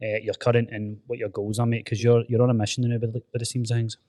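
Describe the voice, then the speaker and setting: A man's voice: mid-range voice, flat delivery, fast talker, warm tone. Upbeat Scottish man hosting a podcast. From Scotland. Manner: upbeat, chatty, says "mate" often. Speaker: podcast host. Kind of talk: casual podcast chat. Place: gym.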